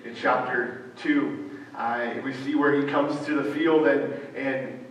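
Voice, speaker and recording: A man preaching a sermon, halting, with frequent fillers and restarts. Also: medium pitch, steady tone. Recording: echoey hall from far off, faint ambient noise.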